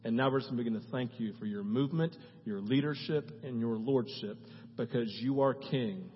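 A man preaching a sermon as pastor, swinging from hushed tones to loud, fervent prayer and often asking the audience "right?". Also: mid-range voice, brisk, husky. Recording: dull, echoey church hall.

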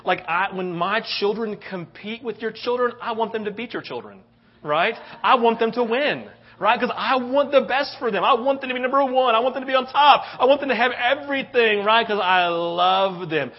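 A man's voice: very high-pitched, moderate pace, lo-fi sound. A man in his thirties preaching a sermon, telling a story animatedly and often asking "right?". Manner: animated storytelling, tag questions. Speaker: pastor.

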